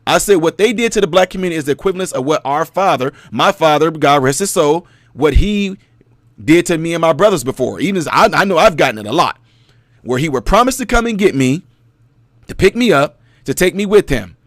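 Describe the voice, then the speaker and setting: A man's voice: fairly high pitch, a little fast, no room sound, clean studio sound. A man hosting a casual commentary monologue, telling a story and firing rhetorical questions at his audience, sometimes putting on mocking voices. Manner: animated, mocking put-on voices. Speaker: commentary channel host.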